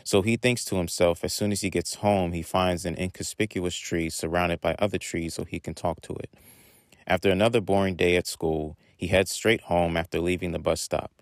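A man reading a short story aloud in a plain, unhurried way. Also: low-pitched, steady tone, no room sound.

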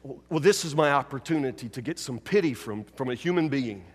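A pastor giving a sermon, preaching emphatically and repeating key phrases, dropping from loud to hushed. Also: male voice, mid-range voice, lively intonation, a little fast, in a large hall.

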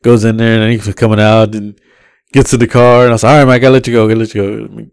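A man's voice: on the low side, little pitch movement, rapid-fire, smooth, no room sound, clean studio sound. A man hosting a podcast who tells a long story in casual, profane chat and acts out the lines of the people in it. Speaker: podcast host.

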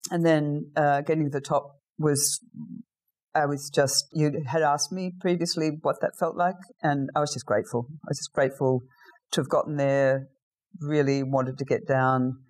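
A middle-aged Australian woman, a guest in an interview, telling lively anecdotes in a casual way. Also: deep voice, normal speed. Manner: lively anecdotal storyteller, acts out quoted lines.

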